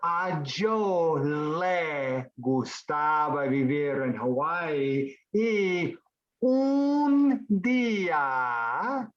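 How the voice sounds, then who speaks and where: A man teaching an online Spanish class, praising students and drilling them with quick questions. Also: on the high side, highs cut off.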